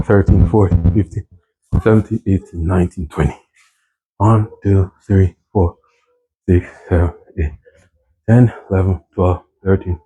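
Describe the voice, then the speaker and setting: Husky male workout coach, low voice, counts reps, strained from exercise. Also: mellow, low-quality recording. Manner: counts reps aloud, encouraging, repeats "right?" and "okay?". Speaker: fitness instructor.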